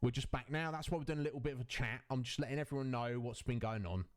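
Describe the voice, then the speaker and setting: A man streamer in casual chat, effusive and chatty, warmly greeting viewers by name. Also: medium pitch, quick pace.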